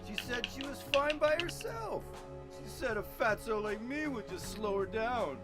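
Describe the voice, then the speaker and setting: A man playing a sullen, resentful heavyset young man, softly mumbling video game dialogue. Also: very high-pitched, big pitch swings, measured pace, over loud music, heavily acted. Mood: sulky.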